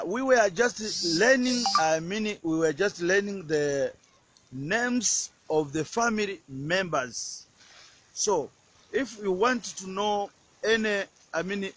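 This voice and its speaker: Male language teacher, husky, fairly high voice, casual and hesitant delivery. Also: a bit bright. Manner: repetitive, hesitant, with many fillers and repeated words. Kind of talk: casual outdoor language lesson. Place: outdoors by a lake beach.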